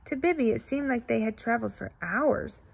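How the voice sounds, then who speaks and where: A woman reads a children's picture book aloud with playful, expressive timing. Her voice sits a bit high with a husky, breathy grain and a gravelly crackle at the ends of phrases. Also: brisk. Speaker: storyteller. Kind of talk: children's storybook reading.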